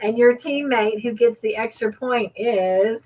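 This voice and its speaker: Woman, livestream trivia host, cheerful, reads viewer comments, slow pace, slightly muffled audio. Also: a little high.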